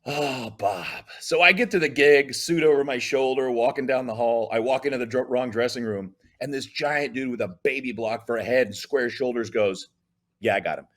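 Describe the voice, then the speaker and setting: A middle-aged comedian guest, animated throughout, tells stories in a casual interview and acts out the conversations in different voices. His mid-range voice moves at a moderate pace with hardly any pauses.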